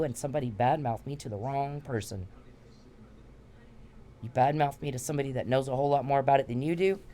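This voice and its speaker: A woman's voice: a bass voice, a little mellow. A middle-aged woman in an angry, confrontational monologue, repeating herself and swearing in exasperation. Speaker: video monologue speaker.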